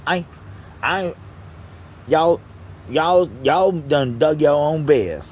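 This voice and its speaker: A man reading aloud slowly and haltingly, then breaking off into heated, profane ranting. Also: a little high, a little mellow, slight background noise. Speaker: vlogger. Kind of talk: angry profane rant.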